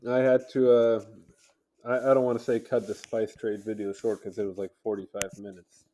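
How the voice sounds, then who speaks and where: A man's voice: on the low side, level tone, moderate pace, dark tone. A man casually reading articles aloud at home, stumbling over names and tossing in offhand remarks. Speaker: video host reading wiki articles. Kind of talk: casual read-along commentary. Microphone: home mic.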